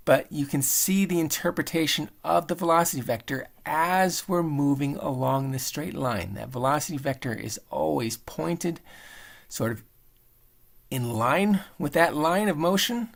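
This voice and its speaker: Gravelly-voiced man explaining a lesson. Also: a little high, measured pace. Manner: relaxed explaining, thinking aloud while demonstrating. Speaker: engineering instructor. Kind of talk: screen-recorded lecture.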